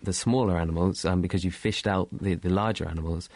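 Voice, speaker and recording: A man's voice: low voice, fairly even intonation, quick pace, a little mellow, no echo. A male marine scientist answering interview questions in a studio, talking in a hesitant way with many restarts. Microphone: studio microphone.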